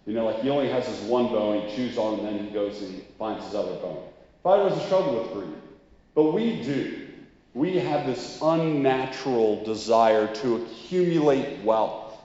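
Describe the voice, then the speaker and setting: A man's voice: mid-range voice, animated, normal speed, mellow. A man giving a sermon in a casual, conversational way, full of fillers. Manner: casual, conversational, many "like" and "you know". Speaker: preacher. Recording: echoey hall, dull sound.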